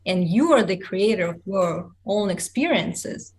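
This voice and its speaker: A woman hosting a podcast interview, speaking in a calm, reflective and encouraging way. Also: mid-range voice, unhurried. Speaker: podcast host.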